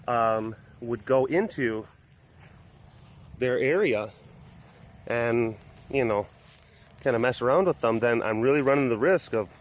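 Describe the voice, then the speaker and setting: A man's voice: medium pitch, a bit bright. A man who looks after big cats, chatting casually to camera in a rambling way with many restarts. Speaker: big cat caretaker. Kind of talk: casual vlog chat.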